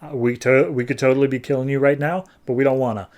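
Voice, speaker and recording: A man voicing a male villain leader who pitches a deal in a casual, offhand way. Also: fairly even intonation, fast, darkish tone, lightly acted.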